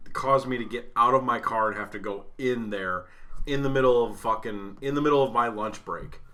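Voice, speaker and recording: Bright-voiced man ranting profanely. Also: mid-range voice, fairly quick. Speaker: podcast co-host. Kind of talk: casual chat.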